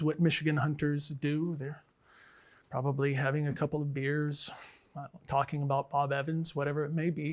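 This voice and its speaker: A middle-aged man with a somewhat high-pitched voice tells jokes in a casual, unbothered manner. He sounds like a professor chatting, dry and relaxed, with frequent fillers. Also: vocal fry. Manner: dry, easygoing, unbothered, with frequent ums and uhs. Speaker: English professor and department chair. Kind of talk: telling jokes to camera. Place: college setting.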